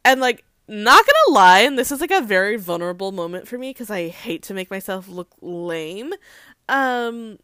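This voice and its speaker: A woman's voice: mid-range voice, big pitch swings, moderate pace, pushed and bright, clean tone, no room sound, studio quality. A woman hosting casual celebrity gossip talk, chatty, leaning on "like" constantly, with swearing and laughing asides. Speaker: host.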